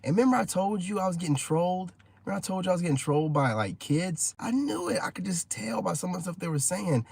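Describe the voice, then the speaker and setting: A man's voice: high voice, big pitch swings, quick pace, vocal fry, darkish tone, slightly rough, no echo. A man in his forties, a content creator, telling a casual story in a rambling, slangy way full of "you know what I mean.". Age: 40s.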